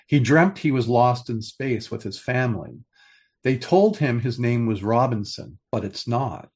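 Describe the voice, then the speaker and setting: A man's voice: expressive, measured pace, a little mellow, slightly rough. Older man co-hosting a casual podcast. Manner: enthusiastic, pitching story ideas with many restarts. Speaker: podcast co-host. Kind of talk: casual chat.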